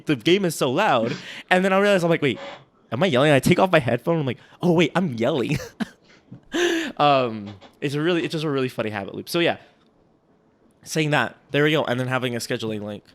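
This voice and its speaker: A man with a voice on the high side co-hosts a casual podcast chat, animated and fast. He rambles and jokes while critiquing sales emails, often breaking off mid-sentence.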